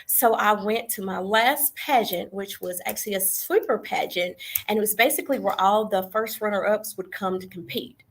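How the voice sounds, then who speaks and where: A woman's voice: medium pitch, moderate pace, fairly bright tone, husky. A young adult woman with a Texas Southern accent, earnestly telling her pageant story as an interview guest on a video call, politely saying yes ma'am.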